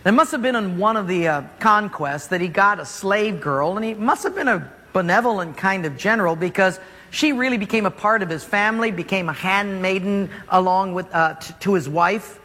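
A man preaching a sermon, telling a story in an animated, jokey way and acting out its scenes. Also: sits high, moderate pace, big-room sound.

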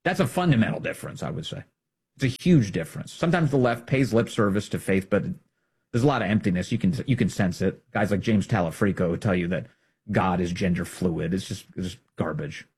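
A middle-aged man delivering an emphatic, combative political commentary monologue, swinging between loud emphasis and hushed asides. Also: low-pitched, fairly quick, breathy edge.

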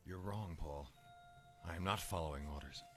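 A stern, grave Roman officer. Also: male voice, sits low, moderate pace, a bit bright. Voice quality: firm, grave. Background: music.

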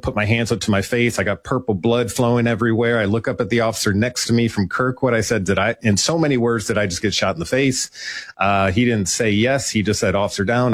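Low-voiced man, dry close sound. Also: no room sound. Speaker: police officer guest. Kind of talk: personal story in a podcast interview.

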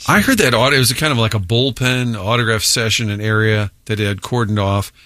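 A man's voice: on the low side, a little fast, bright, forceful tone, dry recording, studio quality. Joking male sports radio co-host. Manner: joking, playful. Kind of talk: casual sports radio banter.

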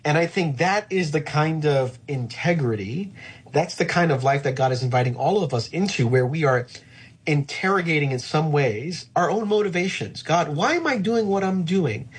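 Male pastor, husky voice, reflective and earnest, conversational. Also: a little high, animated, normal speed. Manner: reflective, earnest, frequent "uh" fillers. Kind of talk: conversational interview answer.

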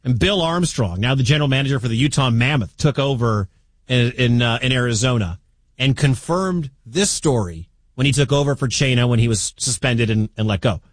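Animated talk radio host, lively pitch. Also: male voice, fairly quick, dry recording. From American Midwest. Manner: animated, incredulous, chatty.

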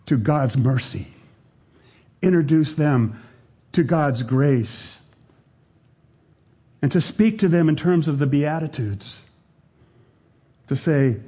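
An older man preaches a sermon at an unhurried, measured pace, his voice husky and mellow. He repeats key phrases and drops almost to a hush when he presses a point. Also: fairly high pitch. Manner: slow, deliberate, repeating phrases and dropping to a hushed voice for emphasis.

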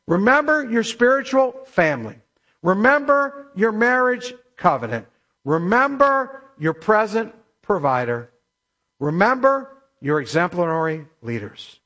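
A man preaching a sermon as pastor, emphatic, slowing down to stress scripture. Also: high-pitched, sing-song, fairly bright tone. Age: middle-aged or older.

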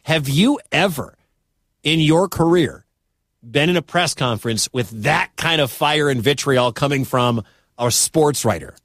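A man from the American Midwest hosting a sports talk radio show, talking in an animated, incredulous, conversational way. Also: a little high, a little slow, no room sound, studio quality.

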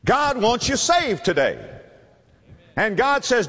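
A man preaching a sermon with impassioned, pleading delivery that swings from loud to hushed. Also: very high-pitched, very animated, takes it slowly, pauses often, big-room sound.

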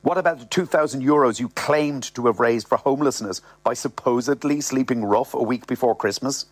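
A man's voice: mid-range voice, fairly quick, no echo, close to an everyday voice. A man reading as combative woman Lauren. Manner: combative, defensive. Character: defensive young woman, Lauren.

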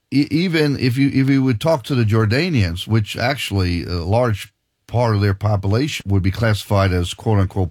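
A man preaching a sermon and reading from the Bible, halting and emphatic, often repeating his words. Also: mid-range voice, dry recording, clean studio sound.

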